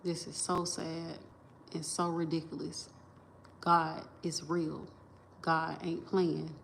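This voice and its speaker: Her voice is low, creaky and level, moving at a slow pace with a little hiss or hum in the audio. Talking into her phone camera on a livestream, she rambles, swears, emphasizes points, and keeps restarting and repeating herself.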